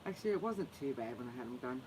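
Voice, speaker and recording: A man's voice: mid-range voice, expressive, rapid-fire, background noise. A man co-hosting a livestream, chatting and reading out viewer comments. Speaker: livestream co-host. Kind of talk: casual chat with viewers.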